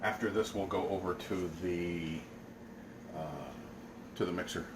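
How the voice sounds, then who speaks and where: A chatty man walks through a recipe at his stove and explains each step as he goes. He is miked from a distance in an echoey kitchen, and loud background noise runs under his voice. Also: sits low, fairly even intonation, measured pace. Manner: chatty, explains as he works, asks "right?". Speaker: cooking show host. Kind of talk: casual cooking demonstration. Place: home kitchen.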